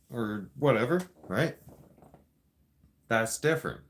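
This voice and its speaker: A man of middle pitch talks slowly and deliberately on a casual live stream. He speaks straight at his viewers, confrontational and rambling, circling back over his points with restarts.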